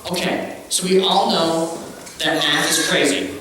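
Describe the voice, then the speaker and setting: A man's voice: a little high, fairly even intonation, a little slow, heavy background noise. A man preaching a conversational, joking sermon in a church, recorded from a distance in an echoey hall. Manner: conversational, joking, acts out quotes. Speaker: pastor.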